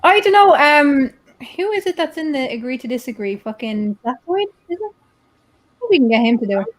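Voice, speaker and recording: A woman with a Dublin Irish accent, hosting a relaxed chat. Her voice sits on the higher side, and she often stammers and repeats herself as she talks. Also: moderate pace. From Ireland. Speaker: host. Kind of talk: casual chat.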